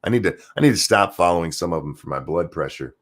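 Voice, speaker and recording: A man hosting his own channel, giving a heated, profane and sarcastic political rant, jumping between loud outbursts and low muttered asides. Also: expressive, quick pace. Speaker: streamer and channel host. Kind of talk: angry political commentary rant.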